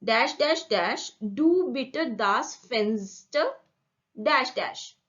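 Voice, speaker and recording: A woman with a fairly high voice gives a language lesson at a very unhurried pace, spelling out each rule step by step. She repeats the example words slowly for practice. The recording sounds dull and lo-fi. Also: lively intonation, a bit bright. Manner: slow, deliberate, repeats example words for drilling. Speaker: German teacher.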